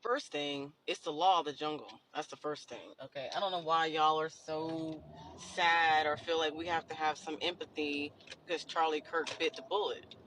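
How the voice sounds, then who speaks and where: A man's voice: a little high, fairly even intonation, normal speed, bright, forceful tone, a little hiss or hum, rough recording. A man ranting in an exasperated, profane way in a vlog. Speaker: social media commentator.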